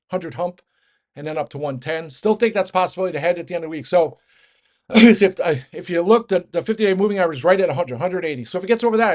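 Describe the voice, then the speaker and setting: A man giving a fast, rambling casual market rant as host, with many restarts and fillers. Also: on the high side, darkish tone. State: out of breath. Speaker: market commentator.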